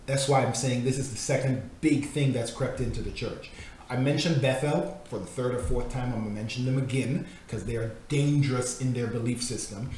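A man giving an earnest teaching talk, stressing his points by slowing down and reading passages aloud. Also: medium pitch, darkish tone, slight background noise. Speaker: Christian teacher critiquing a devotional. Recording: very echoey room.

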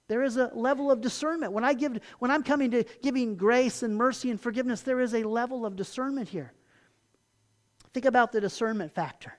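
A pastor preaches a sermon, reading scripture aloud with mounting emphasis and then explaining it conversationally. He poses rhetorical questions and often closes a point in a low, quiet voice.

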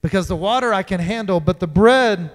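A man delivers a sermon to his congregation, teaching conversationally and dropping playful asides as he goes. His voice sits high and rings clean. The sound carries a long hall reverb. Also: brisk. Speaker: pastor.

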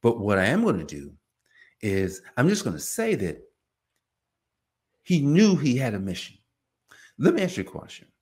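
Animated man preaching casually. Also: mid-range voice, moderate pace, pauses often. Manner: animated, acts out biblical dialogue in character voices; conversational, many fillers like "you know" and "man". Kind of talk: informal sermon.

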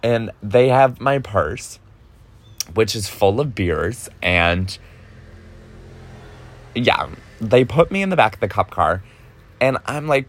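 A man in his twenties casually telling a personal story, animated, full of fillers and swearing, acting out what people said. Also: on the low side, slow, pauses often. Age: 20s. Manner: animated, lots of fillers and swearing, acts out quotes. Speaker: vlogger.

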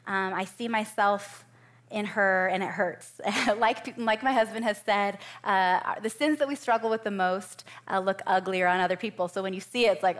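Woman giving a sermon, chatty and self-deprecating, mid-pitched voice. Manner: warm, conversational, self-deprecating with quick asides. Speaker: preacher.

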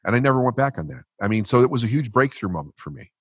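Man, husky, dry close sound; blunt, animated, swears freely. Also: mid-range voice, racing, dry recording. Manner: blunt, profane, animated storytelling. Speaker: podcast guest. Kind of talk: storytelling in conversation.

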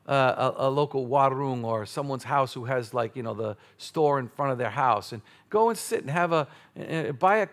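A male pastor preaching a sermon, playful and animated, with sudden loud exclamations. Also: mid-range voice, vocal fry.

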